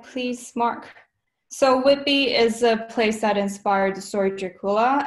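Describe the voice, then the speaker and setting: A female student presenting a campaign pitch on a video call, upbeat with many fillers. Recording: echoey room on a video call.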